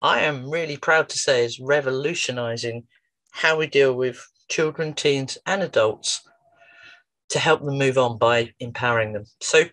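Animated woman therapist storytelling. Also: normal speed. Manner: lively, animated retelling with jumps in pitch. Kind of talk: storytelling talk to camera.

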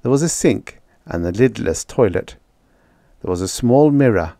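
Man, low voice, audiobook narrator, measured steady reading, dry close recording. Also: gravelly, no room sound. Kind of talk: scripted story narration.

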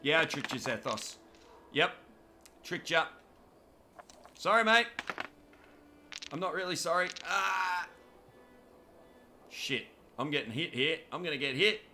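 A man's voice: a little high, animated, slow pace, pauses often, bright, forceful tone, soft background music. An Australian man giving cheeky live commentary on a video game while joking with viewers by name. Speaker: gaming commentator.

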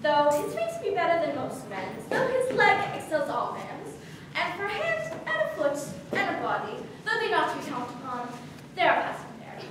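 A woman acting out a fussy old nurse who grumbles and teases, her high voice ringing through a big echoing hall. She is heard from far back in the audience, with faint hiss under the sound. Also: huge pitch swings, normal speed, heavily acted. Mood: complaining. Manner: complaining, rambling, teasing. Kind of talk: live Shakespeare stage acting. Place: arts center hall, recorded from the audience.

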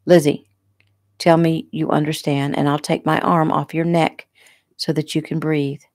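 A woman's voice: sits low, measured pace, no room sound, clean studio sound. Woman reading as a cold, coaxing male attacker. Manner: calm, coaxing, quietly threatening. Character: menacing male attacker, soft-spoken and cold. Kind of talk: audiobook reading.

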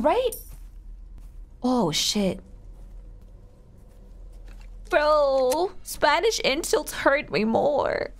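Woman, game streamer, casual commentary, playful, high voice. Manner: animated, playful, quick to laugh.

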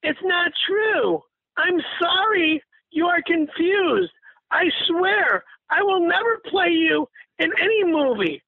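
A man imitating an exasperated middle-aged woman who calmly tries to placate someone, heard over a tinny phone line. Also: very high-pitched, takes it slowly, no room sound, voice pushed up, heavily acted. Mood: placating. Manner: calm, placating, bewildered.

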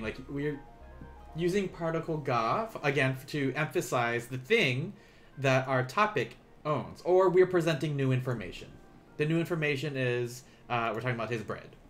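A man teaching a live online language lesson, explaining patiently and repeating phrases slowly for learners. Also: medium pitch, animated, faint music behind.

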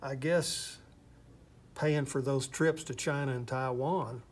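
A man's voice: mid-range voice, steady tone, takes it slowly, slight background noise. Older Texan man, easygoing chat. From Texas. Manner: rambling, self-deprecating, restarts often. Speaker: interviewed artist. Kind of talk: casual interview chat.

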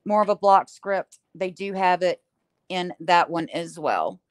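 A woman's voice: lowish voice, unhurried. A middle-aged woman hosting a furniture painting livestream, reading viewer comments out in a chatty, friendly way.

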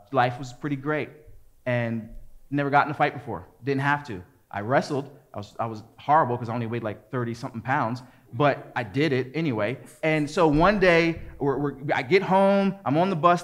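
A man in his forties, a pastor preaching, telling a lively personal story and acting out what people said. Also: medium pitch. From American suburbs. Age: 40s. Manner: lively storyteller, acts out quotes and gets loud at the climax. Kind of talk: sermon with a storytelling anecdote.

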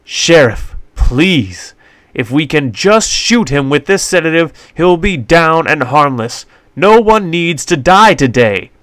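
A man's voice: mid-range voice, animated, normal speed, a bit bright, no room sound, voice pushed up, close to an everyday voice. A man voicing a prim, fussy doctor-inventor in a put-on British accent, talking formally and pleading earnestly.

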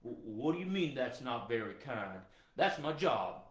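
Brief: man playing a worked-up guard-dog puppet, gruff and stammery, a touch lower than his own voice, roomy echo. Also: sing-song, measured pace. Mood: stubborn. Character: excitable male hound dog puppet, bossy guard dog.

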